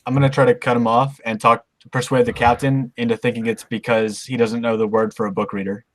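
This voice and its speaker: A man of medium pitch plays a tabletop role-playing game, casually describing his character's moves in the first person. The recording is dry and close. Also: flat delivery, brisk, dry recording. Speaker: player.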